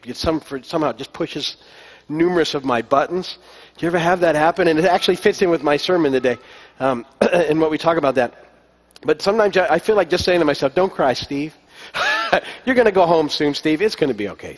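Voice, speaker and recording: A man preaching a sermon as pastor, telling stories in a relaxed way with many fillers and restarts. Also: a little high. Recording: long echo of a large hall.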